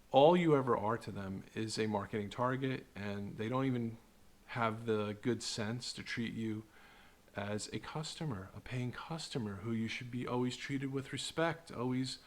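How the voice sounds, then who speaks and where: A middle-aged man giving casual talking-head commentary, animated and sarcastic, tagging "right?" onto his points. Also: mid-range voice, moderate pace. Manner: animated, sarcastic, mocks marketers in put-on voices; repeats "right?" to the viewer. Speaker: online video host.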